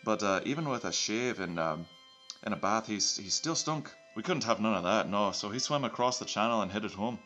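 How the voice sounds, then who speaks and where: A man's voice: fairly low pitch, lively intonation, moderate pace, pushed and bright, faint music behind. A man voicing a bumbling male secret agent who keeps swapping between broad put-on accents, rambling through his mission report. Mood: hammy.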